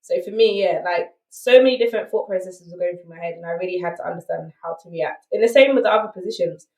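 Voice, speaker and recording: A woman's voice: lowish voice, fast talker, a little mellow, roomy sound, recorded from a distance, rough recording. A woman with a South London accent, a podcast guest telling her story candidly and emphatically, often checking in with "right?". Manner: emphatic, rhetorical asides like "right?".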